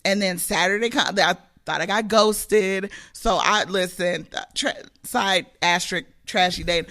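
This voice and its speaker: A woman co-hosting a podcast, telling stories in a casual, profane, animated way, laughing often. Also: medium pitch, measured pace. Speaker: podcast co-host. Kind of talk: casual chat.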